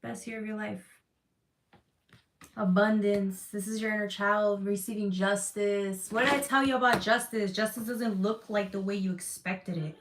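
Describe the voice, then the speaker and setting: A woman's voice: medium pitch, steady tone, normal speed, a little hiss or hum. A woman giving a live tarot reading to her chat, emphatic and reassuring, repeating phrases, swearing casually and getting emotional. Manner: emotional, close to tears at times. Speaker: tarot reader.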